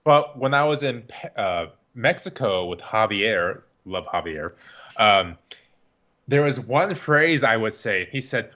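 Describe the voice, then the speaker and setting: A man's voice: on the low side, slow pace, muffled recording. A man co-hosting a podcast, telling stories in casual chat and often stumbling over repeated words as he starts. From United States. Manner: animated storyteller, repeats words when starting. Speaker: podcast co-host.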